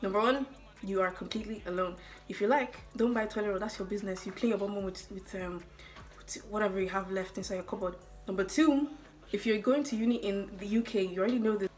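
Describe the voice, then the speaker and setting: A woman's voice: mid-range voice, fast talker. A young woman from Ireland with an American-sounding accent, chatting casually in a Q&A vlog and rambling with lots of asides to her viewers. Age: young adult. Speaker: student vlogger.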